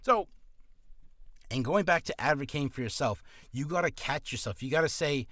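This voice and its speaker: A slightly high-voiced man talks through career advice in a loose, rambling way, restarting his sentences as he goes. He coughs from acid reflux now and then. The sound is dry and close. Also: animated, moderate pace, fairly bright tone, no room sound. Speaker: voice actor giving career advice. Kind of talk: casual advice vlog.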